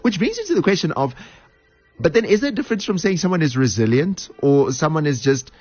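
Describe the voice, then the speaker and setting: A man from South Africa hosting a radio interview, asking questions in an animated way. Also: a little high, brisk, husky, no room sound, soft background music. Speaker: radio host. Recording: dull lo-fi radio audio.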